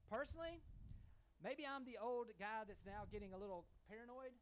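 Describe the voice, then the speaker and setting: A man's voice: sits high, expressive, quick pace, background noise. A man presents at a conference with a folksy, emphatic manner, often checking in with the audience. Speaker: conference panelist. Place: conference hall stage. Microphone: handheld microphone.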